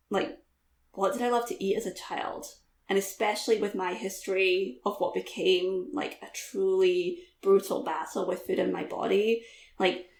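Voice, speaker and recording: A woman's voice: mid-range voice, gravelly, echoey room. A woman guest author talking candidly in a podcast interview, laughing easily, with lots of "like" and "um".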